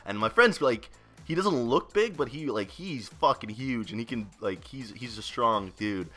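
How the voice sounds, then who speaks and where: A man's voice: mid-range voice, animated, normal speed, sharp tone, faint music behind. A young man hosting a gaming channel, telling a story in a rambling, casual way, swearing and laughing often. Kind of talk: casual storytelling over gameplay.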